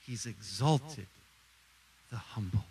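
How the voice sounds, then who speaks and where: A middle-aged man preaching a sermon as pastor, animated, acting out quoted voices. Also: lowish voice, slow pace, creaky, breathy edge, far from the mic, rough recording.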